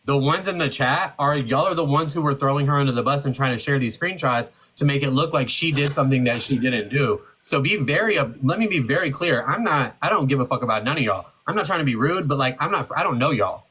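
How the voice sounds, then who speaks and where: A man's voice: mid-range voice, animated, fast, hardly any pauses, pushed and bright, breathy edge, rough recording. A man hosting a live stream, talking bluntly and confronting his critics in casual chat.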